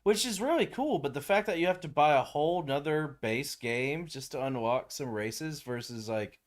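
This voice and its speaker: Young guy streaming, fairly high voice that bounces all over, swears a lot, super casual. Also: moderate pace. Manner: animated, swears freely. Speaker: livestream host. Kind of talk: casual gaming stream chat.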